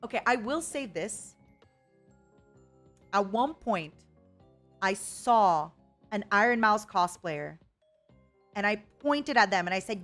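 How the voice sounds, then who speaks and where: A woman's voice: mid-range voice, expressive, slow pace, long pauses, a bit bright. A young woman streaming a casual chat, dramatic and emotional, laughing often, with faint music behind.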